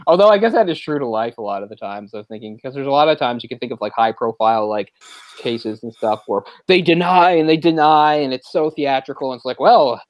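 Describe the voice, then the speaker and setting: A man's voice: mid-range voice, lively intonation, fast, no room sound. Guy co-hosting a movie podcast, rambly, loses words, laughs a lot, dry sound. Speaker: podcast co-host. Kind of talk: casual movie discussion.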